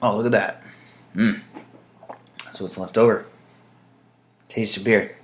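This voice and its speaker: A man's voice: fairly low pitch, steady tone, a little slow, long pauses. A man chatting casually to camera in a vlog, meandering and dry-humored, with frequent fillers. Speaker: vlogger. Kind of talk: casual rambling monologue to camera.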